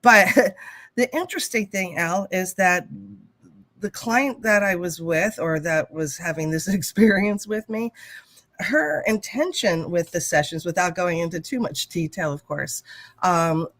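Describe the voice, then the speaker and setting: A woman co-hosting a casual talk show and telling a story in a blunt, animated way, swearing freely. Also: fairly low pitch, unhurried, no room sound. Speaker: talk show co-host, hypnotherapist.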